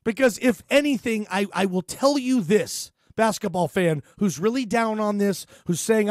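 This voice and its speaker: A man with a high voice talks at normal speed, hardly pausing, while hosting a sports talk radio show. His animated, rambling monologue into the studio mic is packed with fillers and restarts, with no echo.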